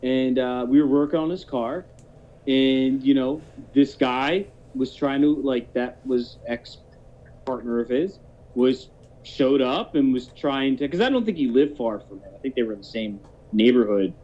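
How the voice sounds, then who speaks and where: A man's voice: mid-range voice, measured pace, a little mellow. A man in his thirties telling a long story in casual chat, rambling and swearing, with many restarts. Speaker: podcast host telling a story. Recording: dull lo-fi podcast audio.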